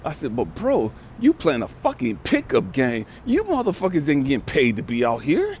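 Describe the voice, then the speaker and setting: Fifty-something guy from cali, street talk, cussing a lot, pitch all over the place. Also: huge pitch swings, normal speed, darkish tone, slight background noise. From California. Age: 50s. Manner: emphatic, street-talking, repeats for stress. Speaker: life coach and vlogger. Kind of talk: profane storytelling monologue.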